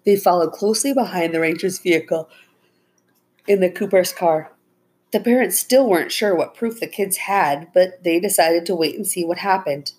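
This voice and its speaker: A woman narrates a children's chapter book in a steady, even way. Her voice sits low with a husky grain.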